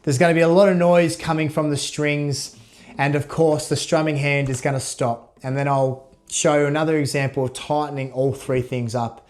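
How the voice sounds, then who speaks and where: A man giving a casual guitar lesson, relaxed, counting beats aloud as he demonstrates. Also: fairly high pitch, moderate pace. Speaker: guitar teacher. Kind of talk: casual instructional talk. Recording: loud guitar under voice. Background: guitar playing.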